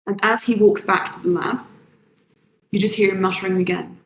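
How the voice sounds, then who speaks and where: A woman narrating a tabletop game as game master, setting each scene slowly and in detail. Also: medium pitch, fairly even intonation, roomy sound, poor audio. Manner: slow, descriptive scene-setting.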